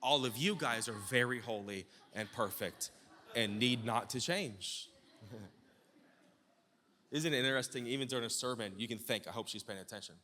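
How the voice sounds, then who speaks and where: A man pastor preaching a sermon, firing off rhetorical questions and building up to shouts at the peaks. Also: mid-range voice, unhurried, pauses often. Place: church sanctuary. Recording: long church-hall reverb.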